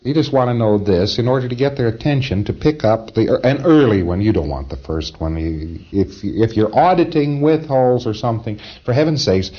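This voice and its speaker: A man's voice: medium pitch, expressive, normal speed, few pauses, lo-fi sound. A man giving an informal training lecture, conversational and emphatic, often chuckling at his own points.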